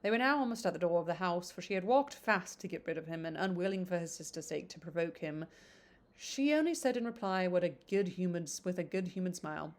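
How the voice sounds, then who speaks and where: A woman's voice: on the low side, animated, a little fast. A woman reading a classic novel aloud as an amateur reader, with stumbles and casual asides.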